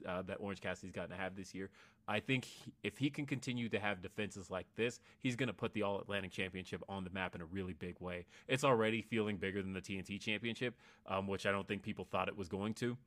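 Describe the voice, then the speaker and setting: Bright-voiced man chatting casually. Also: low voice. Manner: rambling, enthusiastic, frequent fillers. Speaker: co-host. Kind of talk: casual wrestling podcast chat.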